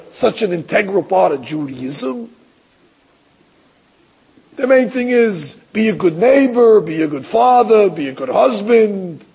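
Over a low-quality recording, a rabbi gives a religious lecture in a high, gravelly yet mellow voice with a breathy edge. His delivery is emphatic and rhetorical, full of stammered restarts and impersonations of others.

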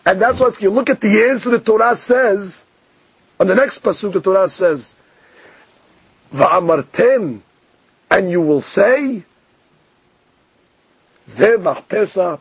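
A man giving a lively Torah lesson, explaining verses, quoting Hebrew phrases and often repeating words. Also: sits high, normal speed, breathy edge, no room sound.

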